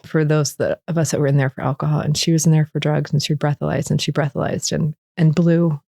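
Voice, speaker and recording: A middle-aged woman shares her recovery story earnestly in a candid interview, often re-enacting with animation what she and other people said. She talks fast in a low voice with vocal fry, recorded clean in a studio with no room sound.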